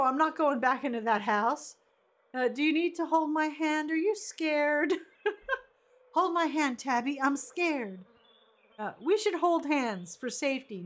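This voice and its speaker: A woman streaming a live game playthrough, giggling and reading the dialogue aloud with quick reactions. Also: on the high side, a bit bright.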